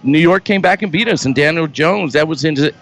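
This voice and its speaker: A man's voice: fairly high pitch, a little fast, fairly bright tone, poor audio. A man who once played pro football, giving earnest, emphatic analysis as a guest on a sports talk show.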